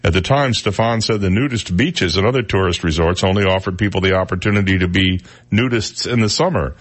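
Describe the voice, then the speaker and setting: A man hosting a casual radio talk show, telling odd news stories with jokey asides. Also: deep voice. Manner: chatty storyteller, jokey asides, quick impressions. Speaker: radio host.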